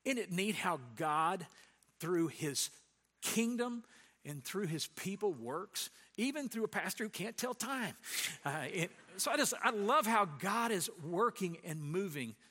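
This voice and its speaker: A man preaching as a pastor, telling a personal story in an animated way and acting out what people said. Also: sits high, a little slow. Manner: animated storyteller, acts out quoted voices. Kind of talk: sermon with storytelling.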